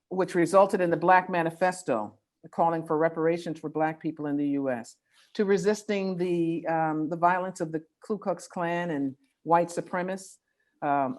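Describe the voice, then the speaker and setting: A woman leading an organization speaks at an online forum in an earnest, measured way, slowing down for emphasis. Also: fairly low pitch, darkish tone. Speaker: executive director of a faith-based organization.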